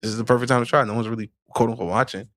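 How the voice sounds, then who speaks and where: A man's voice: medium pitch, steady tone, racing, fairly bright tone, no room sound, studio quality. A man who is a podcast guest, giving loose, casual advice with many fillers and restarts.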